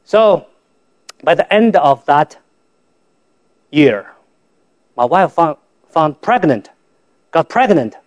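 Male guest speaker, higher register, halting broken-English church testimony. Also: sing-song. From China. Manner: halting, repeats and restarts words, simple broken English.

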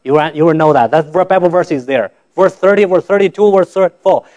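A man from China, giving a church testimony in halting, simple English, often repeating and restarting words. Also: on the high side, a little mellow, dull audio. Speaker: guest speaker giving testimony.

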